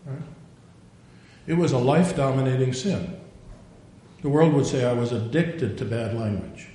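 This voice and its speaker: A man's voice: mid-range voice, normal speed, pauses often, warm tone. An older man preaching a sermon in a folksy storytelling way, acting out dialogue and prayers. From Norwegian. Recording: very echoey room, faint noise.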